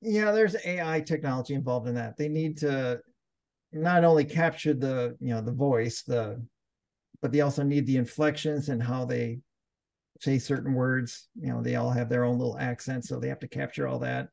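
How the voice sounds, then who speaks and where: A man on a podcast, explaining a topic in a measured way. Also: mid-range voice, creaky, a little mellow. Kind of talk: casual podcast chat.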